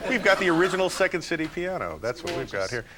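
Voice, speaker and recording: A man hosting a talk show, friendly and halting with many fillers. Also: on the high side, big pitch swings, a crowd in the background, noisy background.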